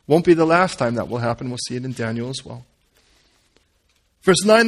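A man preaching a sermon, reading scripture and breaking off into animated, joking, conversational asides. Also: medium pitch, moderate pace, pauses often. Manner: animated, conversational, full of asides and playful jokes. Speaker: pastor.

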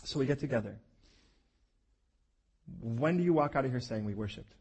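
A man's voice: mid-range voice, animated, normal speed, a little mellow, husky. A middle-aged man, a pastor, preaching a sermon in a conversational, emphatic way.

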